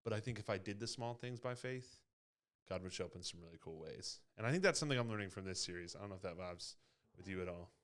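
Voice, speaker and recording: A man's voice: low-pitched, fast talker. A man leading a youth ministry talk, casually retelling a Bible story and acting out the quotes. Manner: animated storyteller, acts out quotes. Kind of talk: casual Bible teaching chat.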